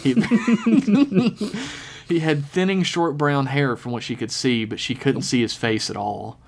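A man reading a dark horror story aloud in a steady, measured narration. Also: mid-range voice, vocal fry. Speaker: podcast storyteller.

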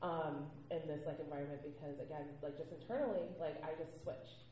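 A woman talking on a panel, animated and quick to laugh, acting out the people in her stories. Her voice sits low and mellow. The room around her is very echoey, with faint ambience behind. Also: a little hiss or hum. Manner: animated storyteller, laughs often, acts out quoted voices. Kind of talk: panel discussion.

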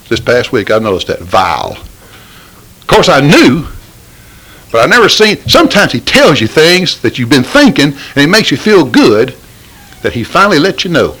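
A man's voice: a little high, fairly bright tone, slightly rough, poor audio. A middle-aged man, preaching informally in a folksy, pleading way that rises into bursts of fervor. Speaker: lay preacher.

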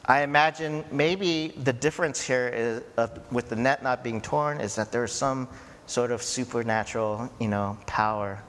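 A man preaching a sermon in a slow, conversational way, often checking in with his listeners. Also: medium pitch, a bit bright. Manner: slow, conversational preaching with frequent "right?" and "you know". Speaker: pastor. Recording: echoey hall with faint ambient noise.

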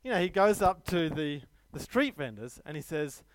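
A man's voice: fairly high pitch, very animated, moderate pace, no room sound. A man preaching a sermon, emphatic, with stories and light self-deprecating humor.

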